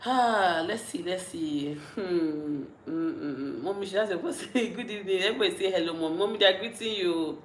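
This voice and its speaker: A young Nigerian woman with a Nigerian accent, chatting casually on a livestream, reading out comments and rambling with frequent giggles and restarts, a little tipsy and mellow. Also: fairly low pitch, normal speed, few pauses, reverberant, a little hiss or hum, low-quality recording. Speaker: vlogger.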